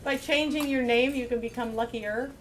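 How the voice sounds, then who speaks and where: A woman's voice: on the high side, steady tone, moderate pace, heavy background noise. A woman hosting a casual live stage show, rambling folksily with plenty of fillers. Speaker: show host and singer-songwriter.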